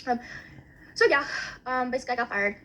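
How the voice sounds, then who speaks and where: A woman's voice: high voice, animated, brisk, sharp tone, a little hiss or hum. A young woman ranting bluntly in casual chat, swearing constantly.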